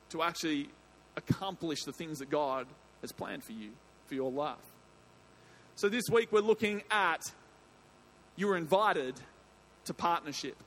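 A man's voice: a little high, slight background noise. A man preaching an evening sermon in a church, chatty and jokey, often breaking off mid-sentence and bursting into emphasis. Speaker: pastor. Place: church hall.

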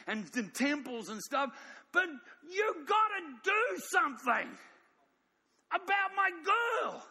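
A man voicing a desperate mother who cries out to God for her daughter, in a strained, high shouting voice. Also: heavily acted. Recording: long echoing hall reverb.

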